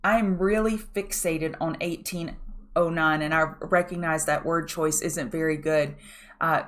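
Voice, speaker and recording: Low, steady and a little slow, with a fairly bright tone, a woman presents a live chart walkthrough on a pre-market trading show. Her approach is direct and coaching, with frequent requests that viewers look at the chart.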